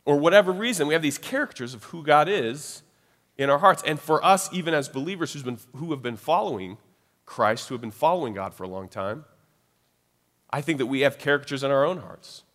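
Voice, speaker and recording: A man preaching a sermon in a casual, conversational way, often checking in with his listeners with quick tag questions. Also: a little high, lively intonation, fairly bright tone, long reverb tail.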